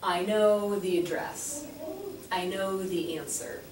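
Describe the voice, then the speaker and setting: Speaking slowly with a mid-range voice and fairly even intonation, a woman gives French classroom instruction, patiently explaining and spelling out words letter by letter. The recording comes from a distance in an echoey room, with background noise.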